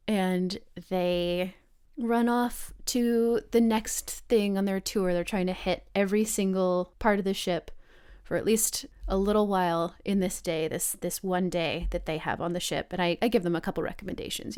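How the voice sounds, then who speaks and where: A woman narrating her character's story in the first person during a tabletop role-playing game, reflective and acting out dialogue with lively jumps in pitch. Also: moderate pace, clear, resonant tone.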